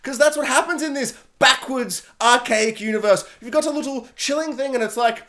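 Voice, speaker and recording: A man giving a casual spoiler film review, animated and sarcastic, with joking asides. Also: very high voice, fairly quick, hardly any pauses.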